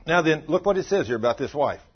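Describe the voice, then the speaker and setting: A man's voice: on the high side, quick pace, slightly rough. A man preaching a sermon, telling a story with acted-out dialogue and quoting scripture. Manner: animated, acts out dialogue, quotes scripture. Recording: dull lo-fi sound.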